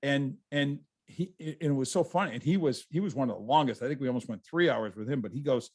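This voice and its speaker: Man, mid-pitched, guest author on a video call, rambling storyteller, casual interview. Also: a little fast, hardly any pauses.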